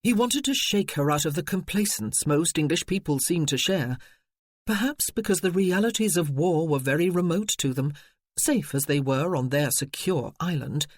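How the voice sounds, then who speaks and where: Measured audiobook narrator, dry close sound. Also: mid-range voice, expressive, no echo. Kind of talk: scripted narration.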